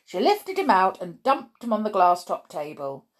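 A woman storyteller reading a children's book chapter aloud and chatting about it afterward in an animated way. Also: mid-range voice, moderate pace. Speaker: podcast storyteller.

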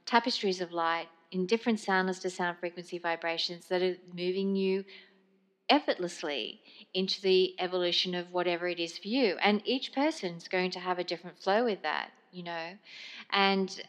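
A woman hosting a spiritual podcast, speaking slowly and gently in a meandering monologue full of fillers. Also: on the low side. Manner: slow, meandering, gentle delivery with many fillers. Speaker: podcast host.

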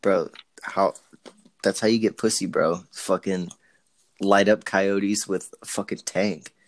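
Low-voiced young man, crude banter. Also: steady tone, slow pace, no room sound. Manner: crude jokey banter, heavy swearing. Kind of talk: casual chat.

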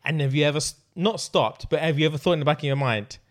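A young man from the UK co-hosting a crude casual podcast chat, laughing often and getting loud when joking. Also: fairly high pitch, fast talker. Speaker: podcast co-host.

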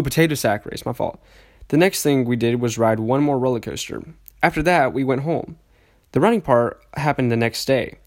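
Young male podcast host, mid-pitch, self-deprecating, rambles through old journal entries, trips over words. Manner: rambling, self-mocking, stumbles and restarts. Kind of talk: reading old school journal entries aloud with commentary.

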